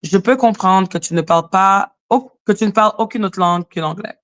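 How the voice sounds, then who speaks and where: A woman's voice: mid-range voice, fast talker. A woman whose first language is French, from Haiti, streaming live and ranting in an exasperated, profane, lecturing way, repeating herself. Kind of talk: heated casual rant.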